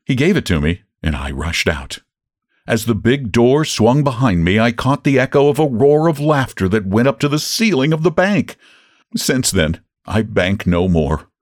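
A man reading a short story aloud as host of a literature podcast, with an expressive storytelling delivery. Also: medium pitch, moderate pace, dry recording, studio quality. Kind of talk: audiobook-style story narration.

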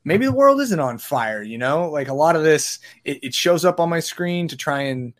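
A man's voice: a little high, lively intonation, normal speed. A man in casual conversation who talks in a reflective, rambling way and often restarts his phrases.

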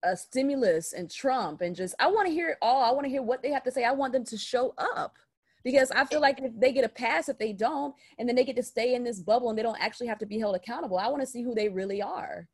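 A woman's voice: fairly high pitch, fast, breathy edge, dry recording, clean studio sound. A woman guest on a podcast, chatting casually and emphatically with strong opinions. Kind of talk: casual chat.

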